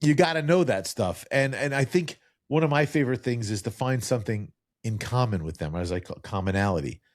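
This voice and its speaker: A man's voice: medium pitch, expressive, brisk, no echo, studio quality. Chatty man with a faint Jersey accent. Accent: faint New Jersey. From New Jersey. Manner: rambling storyteller, many restarts. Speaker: podcast host. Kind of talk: casual interview chat.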